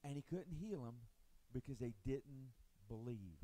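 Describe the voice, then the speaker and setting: A man preaching a sermon as pastor, rising into loud passionate swells and dropping low, acting out the voices of doubters. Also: lively intonation. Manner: preaching with swells of volume and dramatic pauses; acts out voices of doubters and biblical figures.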